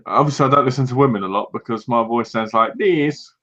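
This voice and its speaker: A man's voice: mid-range voice, fast, a bit bright, dull audio. Rambling, laughing male co-host. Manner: rambling, laughs often, restarts sentences. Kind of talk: casual livestream chat.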